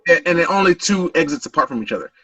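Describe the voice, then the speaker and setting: Guy on a podcast panel, bright voice, kinda far from the mic, stumbles and repeats himself. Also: fairly high pitch, animated, no room sound, dull audio. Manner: halting, repeats words, storytelling. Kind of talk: casual group chat. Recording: voice distant from mic.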